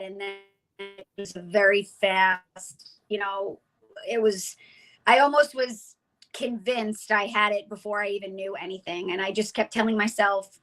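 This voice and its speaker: A woman's voice: mid-range voice, rough recording. A woman in her forties, a guest telling her own story in an interview, acting out the voices of people she quotes. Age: 40s. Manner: animated storyteller, acts out quoted dialogue.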